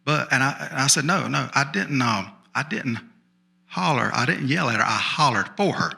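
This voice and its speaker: A man's voice: mid-range voice, expressive, moderate pace, gravelly, sharp tone. A man telling a folksy tall tale as a small-town sheriff, drawling and chatty, with repeated asides to the audience. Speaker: storyteller. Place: storytelling festival stage.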